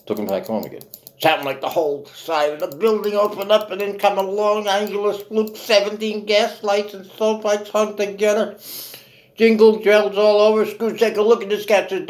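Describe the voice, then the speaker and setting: A man spins a holiday tale in rapid hipster jive, his voice sitting a little high. He swoops from hushed spooky passages to big dramatic bursts. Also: rough recording. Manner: hip slang, lively and dramatic. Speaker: storyteller. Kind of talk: jive-slang storytelling.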